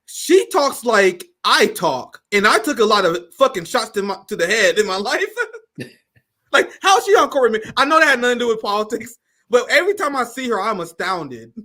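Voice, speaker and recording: A man's voice: high-pitched, sing-song, normal speed, sharp tone. A man hosting a livestream, talking in casual slang and joking with his guest. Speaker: host.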